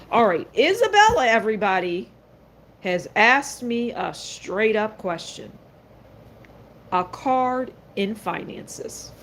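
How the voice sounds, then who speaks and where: Slow-talking blunt woman tarot reader. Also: medium pitch, a little hiss or hum. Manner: blunt, sassy, talks straight to viewers. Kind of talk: live-stream tarot reading.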